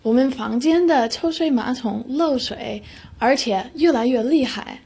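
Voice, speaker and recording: A woman's voice: high voice, measured pace, gravelly, darkish tone, breathy edge, full character voice. A woman playing a hotel guest who politely but firmly raises complaints in a scripted learner dialogue. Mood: complaining.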